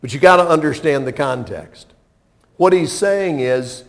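A man preaching a sermon in an expressive, conversational way, dropping to soft low lines and rising to loud emphatic peaks, often asking the congregation questions. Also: measured pace. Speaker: pastor.

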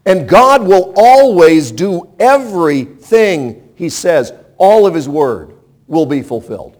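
A male pastor delivers a sermon with a high-pitched voice. He is emphatic and talks straight to his listeners, leaning on rhetorical questions. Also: sing-song, takes it slowly, darkish tone.

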